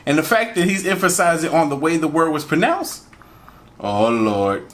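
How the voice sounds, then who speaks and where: A man's voice: a little high, sing-song, normal speed, a bit bright. A man hosting a reaction video, talking casually and loosely and laughing often at the clip.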